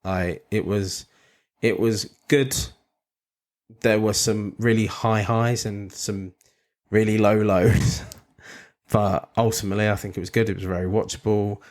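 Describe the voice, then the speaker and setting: A man's voice: fairly low pitch, little pitch movement, unhurried, a little mellow. A man co-hosting a casual podcast chat, talking loosely with frequent laughs and restarts. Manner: chatty, laughs often, trails off into restarts. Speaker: podcast co-host.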